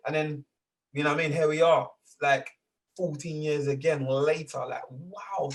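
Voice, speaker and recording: A man's voice: a little high, moderate pace. A man in his thirties with a London accent, chatting as a guest in a casual interview, emphatic and full of slang. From England. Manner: animated, emphatic, full of street slang and repeated asides. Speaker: grime artist guest.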